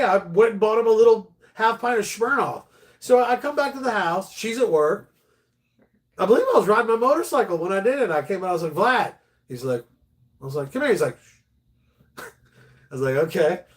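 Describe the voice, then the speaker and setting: A male live-stream host tells stories in a slightly high voice. He's animated and loose, and he swears casually as he rambles through each tale. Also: a little fast, pauses often. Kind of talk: casual storytelling chat.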